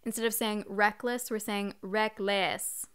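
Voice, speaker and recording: A woman's voice: a little high, measured pace. A young adult woman vocal coach, chatting through a live-streamed singing lesson and singing short phrases to demonstrate.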